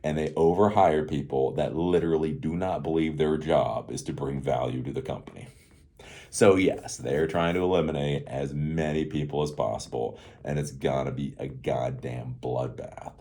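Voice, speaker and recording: A man's voice: rumbling low, steady tone, normal speed, mellow. A middle-aged man giving casual, sarcastic tech commentary as host, rambling and chuckling often.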